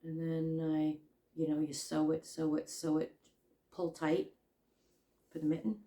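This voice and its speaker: A woman's voice: sits low, completely flat delivery, a little slow, warm tone. Rambling, chatty woman vlogger. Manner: rambling, chatty, self-deprecating. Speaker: crochet vlogger. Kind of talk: casual chatty vlog.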